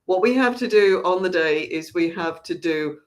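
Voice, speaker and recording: A woman's voice: lowish voice, animated, moderate pace. A woman who runs a theatre company, chatting casually through an announcement with lots of restarts. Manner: chatty, rambling, with frequent restarts. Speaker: artistic director of a theatre company.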